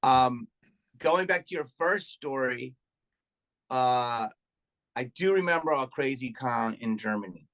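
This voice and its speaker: A middle-aged man, a comedian and podcast guest, telling profane, animated stories in casual chat and acting out what people said. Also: medium pitch, measured pace, long pauses. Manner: profane, animated anecdote telling with acted-out quotes.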